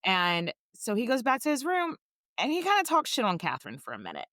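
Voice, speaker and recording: A woman co-hosting a casual history podcast, telling the story in a jokey, swearing, animated way. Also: on the high side, brisk, no echo, clean studio sound. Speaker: podcast co-host.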